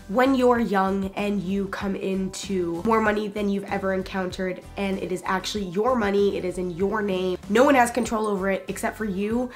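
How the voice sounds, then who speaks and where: A young woman in her twenties chats openly to her viewers. Her voice is hoarse and raspy from a recent illness and sounds a little like a smoker's. Soft music plays faintly behind her. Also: medium pitch. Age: 20s. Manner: chatty and candid, with small laughs. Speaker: YouTuber. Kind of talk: casual vlog talk to camera.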